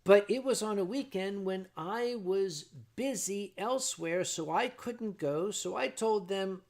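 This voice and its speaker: A man hosting a livestream, telling a story to his chat in a sardonic, animated way and acting out his own shouting. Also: high-pitched, measured pace, few pauses. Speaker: livestream host.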